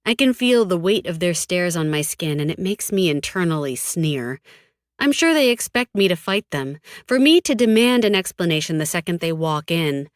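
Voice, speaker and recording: A woman narrating a first-person audiobook in a cold, flat, defiant tone, with frequent swearing. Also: on the low side, normal speed, no echo, clean studio sound.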